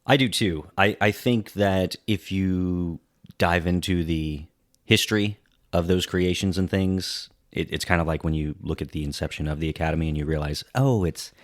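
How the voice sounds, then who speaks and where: A man with a very low voice chatting on a film-history podcast. He muses aloud and keeps things easy with "like" and "you know". The sound is close and dry. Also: steady tone, normal speed, dry recording. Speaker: podcast co-host. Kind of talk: casual film-history chat.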